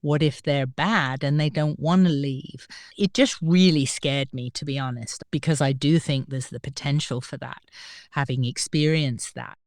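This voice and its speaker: A woman guest on a podcast, telling a personal story in an animated way and acting out the voices of the people in it. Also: extremely low pitch, moderate pace, no echo, studio quality. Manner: animated, acts out quoted voices. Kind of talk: storytelling in an interview.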